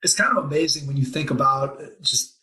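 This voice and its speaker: A man's voice: on the high side, fairly quick, pushed and bright, poor audio. A man hosting a podcast, asking long rambling reflective questions. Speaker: podcast host. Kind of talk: casual interview talk.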